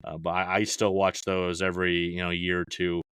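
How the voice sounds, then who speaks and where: A man's voice: deep voice, completely flat delivery, a little fast, fairly bright tone, smooth, dry recording. A middle-aged man chatting casually as a podcast guest, rambling with many "you know"s and restarts. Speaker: podcast guest, fantasy baseball analyst.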